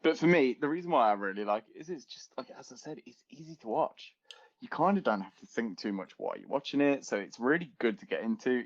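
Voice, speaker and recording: A young man with a lowish voice chats his way through a podcast, rambling and laughing as he goes. The recording is dull and lo-fi, like a home setup. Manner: rambling, laughs often, chatty. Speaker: podcast co-host. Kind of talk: casual chat.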